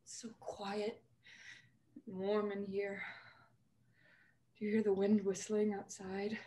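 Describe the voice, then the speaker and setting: Young woman acting a fragile young actress, restless and emotional, hushed near-whisper at times, video call mic. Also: mid-range voice, unhurried, lightly acted. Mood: wistful. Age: young adult. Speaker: student actor. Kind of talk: stage drama performed over video call. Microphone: video call microphone.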